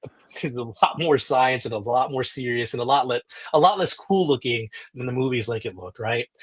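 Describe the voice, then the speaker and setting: A man's voice: medium pitch, a little fast, husky. A man, a journalist guest on a podcast, telling a story in detail with frequent restarts and quoted back-and-forth dialogue.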